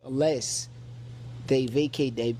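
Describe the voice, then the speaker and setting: A man's voice: medium pitch, fairly even intonation, takes it slowly, mellow, slight background noise. A man, a boxer, giving loose, boastful interview answers in an easygoing way.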